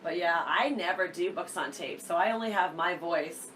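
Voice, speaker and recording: A woman's voice: lowish voice, normal speed, fairly bright tone, recorded from a distance. A chatty woman co-hosts a casual podcast, laughing easily and trailing off mid-thought. Her voice sits a little away from the mic, with a faint hiss in the background. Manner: giggly, chatty, trails off in restarts. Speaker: podcast co-host. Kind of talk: casual chat.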